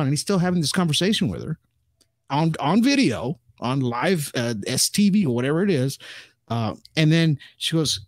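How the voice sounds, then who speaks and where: A man's voice: a little high, very animated, normal speed, dry recording, clean studio sound. A man in a casual interview, talking in a rambling way with many restarts and fillers. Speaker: podcast guest, ufologist.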